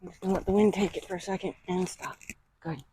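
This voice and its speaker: Outside, a horse trainer talks through a training session at a quick clip, soothing the horse with gentle, repeated reassurances. Her pitch is medium and her intonation fairly even, and there's slight background noise.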